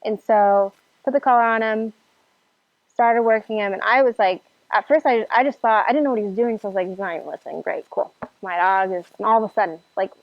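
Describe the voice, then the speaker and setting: Animated woman telling a story, lo-fi. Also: fairly high pitch, fast talker, no echo. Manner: animated, acts out her own past reactions, many "like" fillers. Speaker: dog owner telling her story. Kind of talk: casual storytelling. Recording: dull lo-fi sound, faint music behind.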